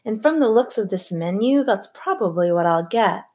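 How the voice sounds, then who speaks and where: A woman's voice: medium pitch, animated, moderate pace, a little mellow, lightly acted. A woman reading as a middle-aged man cracking wry jokes at dinner in a storybook read aloud. His delivery is dry and easygoing.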